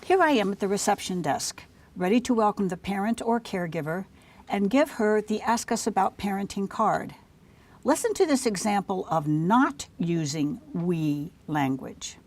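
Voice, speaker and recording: A woman giving scripted instructional narration for healthcare staff, measured, clear and carefully paced. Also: medium pitch, expressive, darkish tone.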